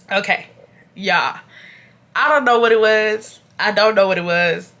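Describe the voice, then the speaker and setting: A young woman with a bright, forward voice tells a casual storytime straight to her viewers. She is chatty and animated, calling out to them as y'all, even though she is sick and feeling unwell. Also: mid-range voice, takes it slowly. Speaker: YouTube storyteller.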